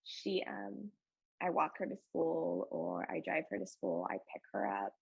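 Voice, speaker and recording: A young woman speaking as a podcast guest, earnest and emotional in candid conversation, with a husky voice. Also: fairly low pitch, measured pace, no echo, dull audio. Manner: earnest and emotional, frequent fillers and laughs.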